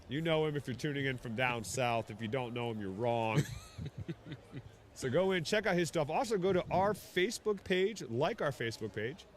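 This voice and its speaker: A man in his thirties giving casual, excitable live rugby commentary outdoors. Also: mid-range voice, slight background noise. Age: 30s. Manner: chatty, excitable, bursts into shouts on big plays.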